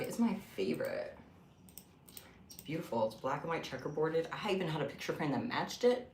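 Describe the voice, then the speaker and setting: A young man chatting casually on a home craft livestream, expressive and rambling. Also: a little high, normal speed, a little hiss or hum. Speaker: craft streamer. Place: room at home. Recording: echoey room.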